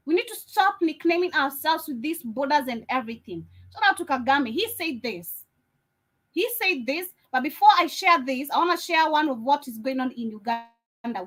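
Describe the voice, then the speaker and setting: A woman's voice: high-pitched, pushed and bright. A woman from Africa hosting a livestream, talking in a blunt, emphatic and sarcastic way. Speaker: livestream host. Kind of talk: casual livestream commentary.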